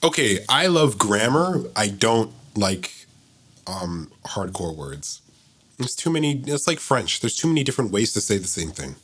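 A young man with a slight lisp banters on a podcast in a playful, excitable way. His pitch swoops up and down constantly as he jokes and teases. It is casual, giggly conversation between friends. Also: moderate pace, husky. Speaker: podcast co-host. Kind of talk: casual chat.

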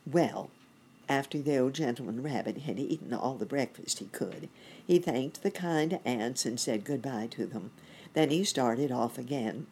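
A woman reading a children's bedtime story aloud in a gentle, expressive way. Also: very deep voice, unhurried, slight background noise.

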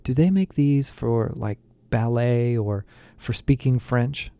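A man's voice: mid-range voice, slow pace, warm tone, clean tone, no echo. A man reading a novel aloud, voicing a young woman who whines and brushes things off. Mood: bored. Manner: whining, dismissive. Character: young woman, whiny and unimpressed.

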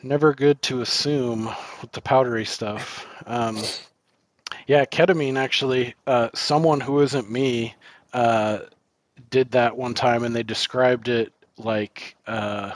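A man's voice: medium pitch, fairly even intonation, unhurried, no echo. Man, podcast co-host, casual rambling chat, profane, filler-heavy, dry mic.

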